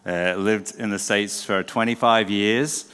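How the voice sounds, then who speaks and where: A middle-aged man from England with an English accent softened by a southern drawl, giving a relaxed, self-deprecating talk to a live audience as a former pastor. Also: fairly low pitch, a little slow, smooth. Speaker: pastor and speaker. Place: church event hall. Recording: long hall reverb.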